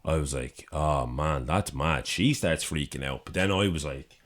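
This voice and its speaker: Very low-pitched man, Dublin Irish accent, young adult, podcast co-host, animated swearing storyteller. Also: normal speed. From Ireland. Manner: animated, profane storyteller acting out quotes. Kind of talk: casual chat, storytelling. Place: city studio with door open.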